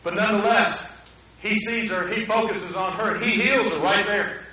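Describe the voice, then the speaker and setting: High-voiced preacher in echoey church. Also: male voice, steady tone, normal speed, bright, forceful tone. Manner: conversational, asks the congregation questions. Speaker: pastor. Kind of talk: sermon. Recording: echoey hall, mic at a distance.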